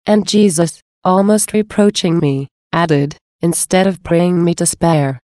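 A woman reading a devotional diary aloud in a slow, earnest, measured way. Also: on the low side, warm tone, dry recording.

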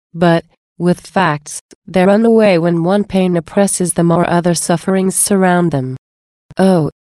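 A woman reading the words of a grieving Jesus in a slow, solemn devotional voice. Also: lowish voice, mellow, no room sound, clean studio sound, close to an everyday voice. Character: sorrowful Jesus, a grieving divine man.

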